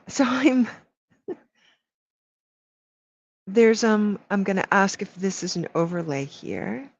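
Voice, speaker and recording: At a medium pitch, a woman speaks slowly with lively intonation, pausing often, in a room with no echo. She gives a live energy reading as a healer, elongating her words and tenderly calling each person sweetheart or baby. It's a dull, lo-fi recording.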